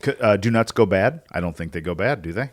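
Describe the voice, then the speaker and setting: Deep voiced midwest guy cohosting a podcast, jokey, laughs a lot. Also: animated, quick pace. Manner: joking, laughs often, riffing on silly scenarios. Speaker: podcast co-host. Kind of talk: casual chat.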